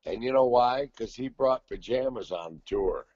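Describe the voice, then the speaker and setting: An older man, a guest singer, telling stories in a brash, profane, animated way in casual chat. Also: medium pitch, a little slow, dry recording, lo-fi sound.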